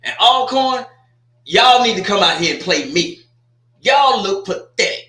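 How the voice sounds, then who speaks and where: A man hosts a casual sports talk livestream, joking and trash-talking between restarts and asides. His voice sits high and sounds bright. The room around him is noticeably echoey. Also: lively intonation, a little slow.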